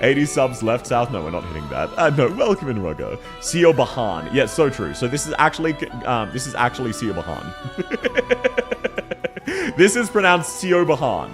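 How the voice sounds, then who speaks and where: A man streaming live and chatting in a casual way, his pitch bouncing wildly up and down as he reacts to his viewers. He laughs a lot and keeps the talk loose. Soft music plays faintly behind him. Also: big pitch swings, fast talker, few pauses.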